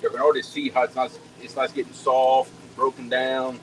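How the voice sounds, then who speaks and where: A man's voice: mid-range voice, flat delivery, brisk, a little hiss or hum, rough recording. A man, chatting casually with viewers while cooking at home, folksy and talkative, often repeating words as he goes. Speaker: home cook hosting a live cooking stream.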